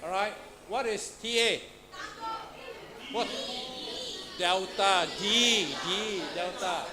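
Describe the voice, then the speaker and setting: A man's voice: high voice, slow. A man teaching a class, quizzing students with frequent "huh?" and "all right". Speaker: Pathfinder class instructor. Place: church classroom. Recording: noisy room recording.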